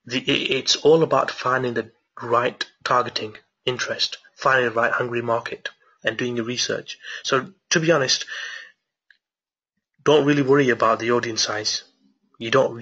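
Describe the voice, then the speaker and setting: Excited man teaching a marketing tutorial. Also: mid-range voice, husky, lo-fi sound. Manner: enthusiastic, repeats himself, many restarts. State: up late at night. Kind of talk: screen-share tutorial with viewer Q&A.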